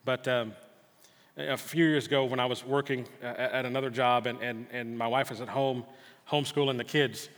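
A middle-aged pastor preaches in a church sanctuary, his mid-range, slightly bright voice fairly even in intonation and moderate in pace. He earnestly tells a personal story, stammering and restarting often, while a long hall reverb fills the recording.

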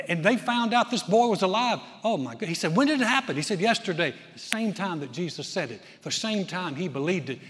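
High-voiced man preaching in a hall. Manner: conversational, folksy, lively storytelling. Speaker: pastor. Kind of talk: sermon.

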